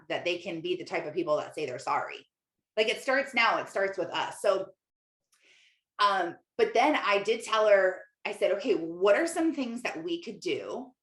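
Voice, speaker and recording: A woman's voice: lowish voice, fairly bright tone. A young adult woman, a Christian life coach and podcast host, talking candidly in a casual monologue full of "like" fillers. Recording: echoey room.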